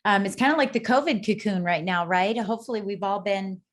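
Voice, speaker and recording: A middle-aged woman, a guest on an interview podcast, telling her story in an emphatic, animated way. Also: mid-range voice, fairly quick, soft background music. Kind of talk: casual interview conversation.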